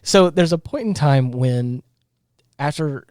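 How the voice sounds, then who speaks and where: A man co-hosting a podcast, recapping a film in casual chat with animated, ranting energy. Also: on the high side, slow, clean tone, dry recording, clean studio sound. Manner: animated, ranting, breaks into exasperated laughs. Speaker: podcast co-host.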